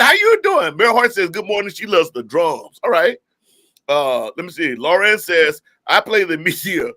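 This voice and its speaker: A man's voice: a little high, bright, forceful tone, no echo. A man from California hosting a live music stream, greeting viewers by name in a joking, folksy way. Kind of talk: casual live-stream chat reading viewer comments.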